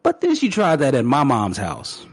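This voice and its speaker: A man's voice: mid-range voice, normal speed, slightly rough, no echo. A man hosting a podcast, casually telling a family story. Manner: relaxed storyteller, frequent agreeing interjections. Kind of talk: casual chat.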